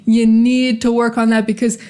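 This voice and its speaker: A young American woman leads a pronunciation lesson in an upbeat, emphatic way, drilling words over and over. Her voice sits a little high for a woman. She speaks straight to her viewers like a teacher. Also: little pitch movement, normal speed, dark tone, smooth.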